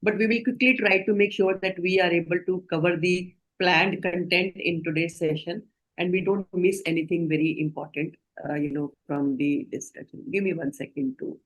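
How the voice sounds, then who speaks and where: A woman with an Indian English accent, leading a healthcare communication training session in a measured, explanatory way and often asking the group questions. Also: lowish voice, steady tone, low-quality recording. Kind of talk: online training lecture.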